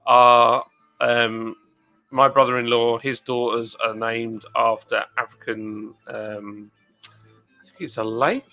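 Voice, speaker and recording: A man's voice: mid-range voice, bright, forceful tone, rough recording. An English man hosting a live stream, chatting casually and rambling as he reads out viewer comments. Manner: rambling, chatty, jokey asides.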